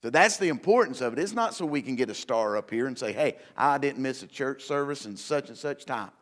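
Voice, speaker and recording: A man's voice: mid-range voice, lively intonation, fairly quick, a bit bright, big-room sound. A man preaching a conversational midweek church sermon, folksy and building to emphatic declarations. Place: church sanctuary.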